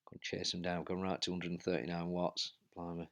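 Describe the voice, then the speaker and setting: A man's voice: sits low, completely flat delivery, fairly quick, fairly bright tone. A man commentating on his own indoor bike race as he rides, out of breath and urging himself on. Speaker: cycling vlogger. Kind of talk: live race commentary while riding.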